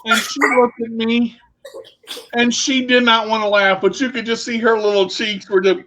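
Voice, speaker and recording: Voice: medium pitch, flat delivery, normal speed, a bit bright. A co-host on a casual radio show who tells stories with a playful, joking manner. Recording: dull lo-fi sound.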